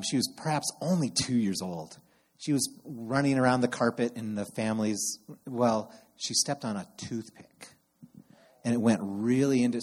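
A middle-aged man preaching a sermon, telling animated personal stories and acting out his exasperated outbursts. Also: mid-range voice, breathy edge. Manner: animated storyteller who acts out exasperated outbursts. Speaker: camp program director preaching.

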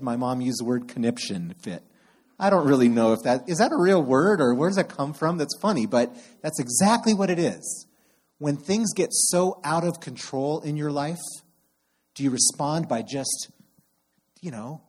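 A middle-aged man preaching a sermon, telling animated personal stories and acting out his exasperated outbursts. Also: mid-range voice, slightly rough. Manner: animated storyteller who acts out exasperated outbursts. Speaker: camp program director preaching.

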